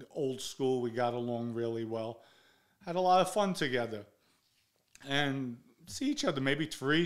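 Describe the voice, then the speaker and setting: A middle-aged man, a podcast host telling a personal story in a blunt, heated way and swearing freely. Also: mid-range voice.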